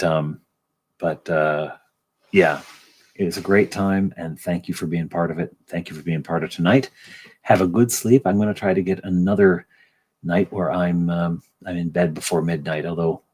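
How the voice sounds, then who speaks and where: Casual rambling stream host, low husky voice, a man. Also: darkish tone. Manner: rambling, lots of ums and restarts. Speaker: convention organizer and livestream host. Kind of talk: casual livestream chat.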